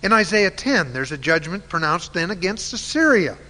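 A man's voice: sits high, big pitch swings, normal speed, bright, forceful tone. A man telling a Bible story in a sermon, conversational and full of uh fillers. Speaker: Bible teacher. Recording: long hall reverb.

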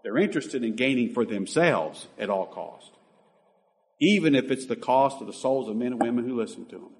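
A man's voice: mid-range voice, expressive, fairly quick. Emphatic man preaching. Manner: emphatic preaching with sudden loud peaks. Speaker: pastor. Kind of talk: sermon.

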